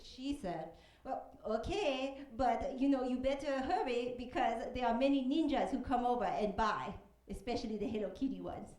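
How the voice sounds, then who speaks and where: A woman performing stand-up on a club stage, quoting other people in an animated voice. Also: a little high, moderate pace. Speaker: stand-up comedian. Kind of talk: stand-up routine. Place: comedy club stage, live audience. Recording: roomy club echo, faint noise.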